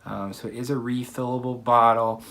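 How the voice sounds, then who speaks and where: A man's voice: medium pitch, fairly even intonation, normal speed, fairly bright tone, slight background noise. Chatty man unboxing on camera at home. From United States. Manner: chatty, upbeat, many fillers. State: slightly out of breath. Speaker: fragrance reviewer. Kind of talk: casual unboxing vlog. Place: quiet room at home.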